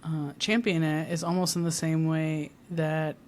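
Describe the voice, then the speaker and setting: A woman's voice: deep voice, flat delivery, a little slow, darkish tone, a little hiss or hum. A woman guest on a podcast, talking casually and often checking in with "right?" and a laugh. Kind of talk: casual conversation.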